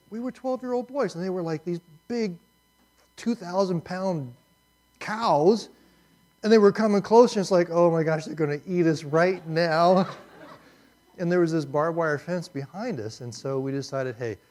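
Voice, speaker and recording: A man teaching a Bible passage as a pastor, telling a story and asking his listeners questions in a relaxed, conversational way with frequent restarts. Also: medium pitch. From Indianapolis, US. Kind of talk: sermon with storytelling.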